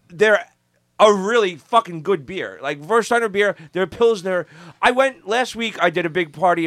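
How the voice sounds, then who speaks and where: A man's voice: a little high, no echo. A man hosting a show, telling stories in casual chat, swearing freely and restarting his sentences. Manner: profane, stammering restarts, loud laughing outbursts. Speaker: podcast host.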